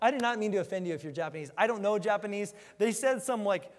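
High-voiced preacher in a reverberant hall. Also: male voice, quick pace. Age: 30s. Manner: conversational, joking, animated storytelling. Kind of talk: casual verse-by-verse Bible teaching.

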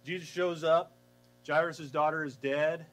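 A man preaching a casual, lively sermon, acting out the story and laughing along. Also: a little high, a little slow, rough recording. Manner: animated storytelling, acts out voices, laughs. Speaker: pastor.

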